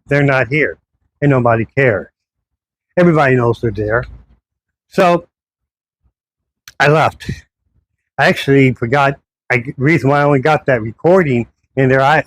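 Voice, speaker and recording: A man vlogging casually to camera, recounting events with indignation and frequent restarts. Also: medium pitch. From foreigner living in the Philippines.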